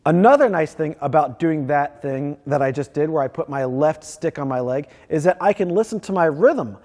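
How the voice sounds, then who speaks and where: A man teaching snare drum technique, explaining each step clearly and methodically. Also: a little high, expressive, normal speed, darkish tone, big-room sound. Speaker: percussion teacher. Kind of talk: instructional demonstration.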